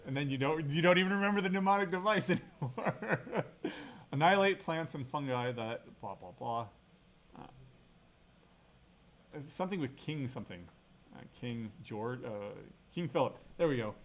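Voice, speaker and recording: A middle-aged man giving a casual university lecture, thinking aloud and checking in with frequent "right?" tag questions. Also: mid-range voice. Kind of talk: recorded classroom lecture.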